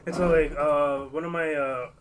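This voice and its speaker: A man in a casual conversation, talking in halting bursts and leaning heavily on "like". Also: a little high, fairly even intonation, a little hiss or hum. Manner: fast, halting, heavy use of "like". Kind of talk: casual discussion.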